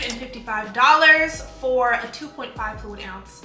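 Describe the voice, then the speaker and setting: Young female beauty vlogger, bright, enthusiastic and chatty, recorded in a roomy space. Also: on the high side, a little slow, hardly any pauses. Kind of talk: casual fragrance review. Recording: echoey room.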